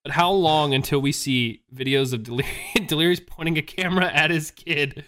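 A man's voice: a little high, a bit bright. A man in his twenties hosting a casual podcast chat, joking and laughing often. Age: 20s. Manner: chatty, laughs often, quick jokes. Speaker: podcast host.

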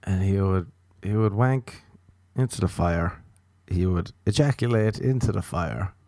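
A man's voice: low-pitched, unhurried, dark tone, no echo, studio quality. A man, a comedian hosting a podcast, rambling through a playful, crude, self-mocking monologue. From Ireland.

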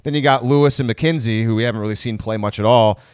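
A man's voice: medium pitch, darkish tone, clean tone, no echo, studio quality. A man hosting a casual sports podcast, rambling and correcting himself as he talks through the team. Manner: rambling, self-correcting, quick asides. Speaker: podcast host.

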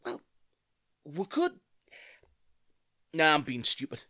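A man playing an excitable, scheming pub regular in a comedy audio play. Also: a little high, slow pace, dry recording, studio quality, exaggerated voice. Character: scheming beer-loving British bloke, excitable.

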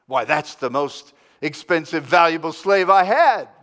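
A preacher playing a proud slave trader. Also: male voice, fairly high pitch, lively intonation, a little slow, a bit bright, in a large hall. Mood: boastful. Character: proud wealthy slave merchant.

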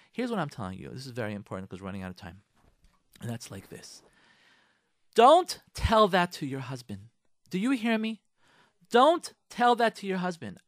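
A man with a high, lively voice hosts a radio advice show, talking straight to his listeners about marriage. He hammers points by saying them twice and keeps asking rhetorical questions. The recording is dry and close. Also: fairly quick, no echo. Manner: emphatic, repeats lines for effect, rhetorical questions; addresses listeners directly, coaxing. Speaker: radio show host giving relationship advice.

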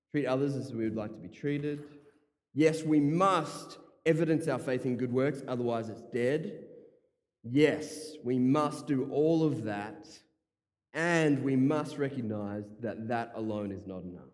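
Male pastor; mellow, dark tone; emphatic sermon delivery with offhand asides; echoing church hall. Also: mid-range voice. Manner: emphatic, repeats key phrases, casual asides. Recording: long hall reverb.

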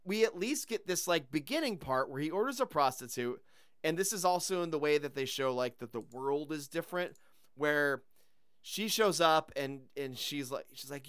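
A man's voice: fairly high pitch, normal speed, clean tone, no echo, studio quality. A man guest on a podcast, chatting casually and animatedly about a movie and its comic. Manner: animated, comparing film to the comic. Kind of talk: casual chat.

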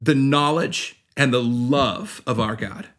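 A man's voice: medium pitch, slow, a bit bright. A man in a casual faith discussion, making short points.

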